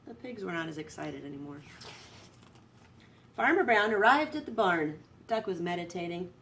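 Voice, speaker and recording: A woman teacher reading a picture book aloud to her students, expressive and lively. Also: mid-range voice, normal speed. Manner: expressive read-aloud, voice rising for excitement. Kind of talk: storybook read-aloud to students. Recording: distant from the microphone.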